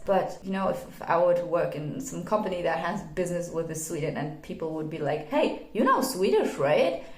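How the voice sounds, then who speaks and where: A young woman talks straight to the camera in a roomy, echoing space. Her English is not her first language. She is blunt and opinionated, swears freely, and slips into mocking put-on voices when she quotes other people. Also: on the low side. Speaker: video essayist. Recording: echoey room.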